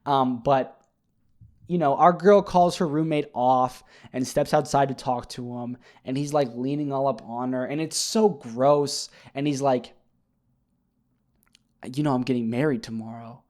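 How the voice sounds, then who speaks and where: A man talking casually on his own, retelling a TV episode in a rambling, animated way with many fillers and restarts. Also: mid-range voice, measured pace. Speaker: podcast host. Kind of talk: casual solo recap chat.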